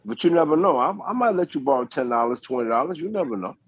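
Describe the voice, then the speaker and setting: A man's voice: fairly high pitch, animated, quick pace, slight background noise. A man on a video call chatting casually and insistently, repeating himself to make a point. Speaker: podcast co-host. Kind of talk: casual chat. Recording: dull lo-fi video call audio.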